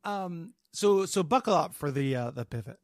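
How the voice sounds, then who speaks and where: Goofy laid-back man, lively pitch. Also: moderate pace, no echo, studio quality. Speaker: podcast co-host. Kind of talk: casual chat.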